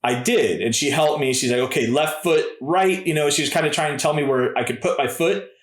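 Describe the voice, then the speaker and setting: A man in his thirties, appearing as a podcast guest, tells stories in a laid-back, casual way and keeps calling people "dude" and "man". His voice is on the high side and he talks fast, with a roomy sound.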